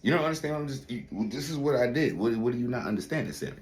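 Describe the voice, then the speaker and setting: A man giving casual reaction commentary, animated, incredulous and slangy. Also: medium pitch, racing. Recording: echoey room, faint noise.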